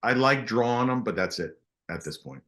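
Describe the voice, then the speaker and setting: A guest artist in a laid-back interview, this middle-aged man has a voice on the low side. He narrates stories with animation, halting and starting over many times.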